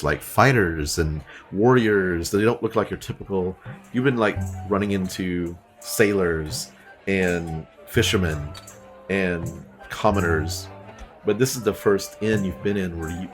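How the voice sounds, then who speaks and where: A man narrating a tabletop game as game master, in a casual, descriptive way with many fillers. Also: deep voice.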